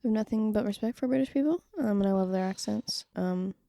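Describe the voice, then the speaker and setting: Playful woman, mellow voice. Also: medium pitch, quick pace, vocal fry, dry recording. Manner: playful, teasing, laughs often. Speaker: podcast host. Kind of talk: casual chat.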